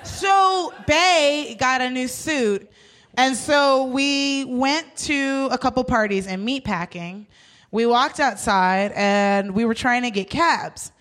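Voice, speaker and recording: A woman with a high voice tells a wild story on a comedy podcast. She swears freely and acts out everyone's lines, jumping between voices. Her delivery is animated and loose. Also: slow. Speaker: podcast co-host.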